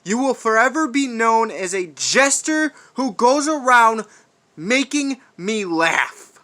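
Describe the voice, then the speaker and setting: A man cutting an in-character wrestling promo, taunting his rival with profane trash talk, swinging from shouts to hushed whispers. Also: very high-pitched, expressive, slow.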